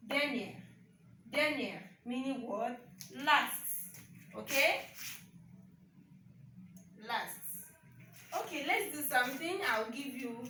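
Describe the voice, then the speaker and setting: A woman teaching a French lesson online, speaking slowly and repeating words, often checking in with "okay?". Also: on the high side, fairly bright tone, reverberant, far from the mic, a little hiss or hum, poor audio. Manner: slow and repetitive, checks in with "okay?".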